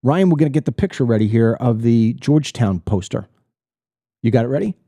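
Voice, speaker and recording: A man's voice: mid-range voice, expressive, a little fast, warm tone, no room sound. A middle-aged man from the United States hosting his own political commentary show, delivering a blunt, indignant monologue to camera and repeating words when he gets worked up.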